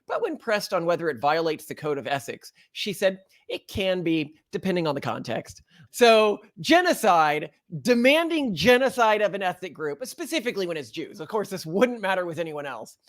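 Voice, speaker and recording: An American man in his thirties holds forth on a podcast, casual and opinionated. He talks with emphatic energy and often acts out what imagined listeners might say, and his voice sits a little high for a man. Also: sing-song, normal speed, fairly bright tone, dry recording. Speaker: podcast co-host.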